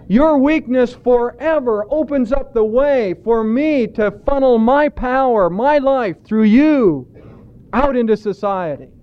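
A man preaching a sermon in a deliberate way, drawing out emphatic words. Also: very high-pitched, lively intonation, smooth, dull audio. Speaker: pastor.

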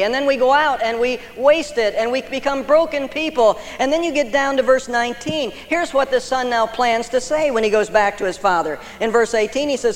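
High-voiced man preaching in a hall. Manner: preaching with rising emphasis and long pauses. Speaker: pastor. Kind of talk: sermon.

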